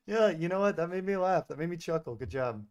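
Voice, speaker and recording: A man's voice: a little high, lively intonation, quick pace, darkish tone, smooth. A man streaming, chatting casually and teasingly with frequent hesitations. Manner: playful, teasing, hesitant with many fillers. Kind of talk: casual gaming chat with an AI character.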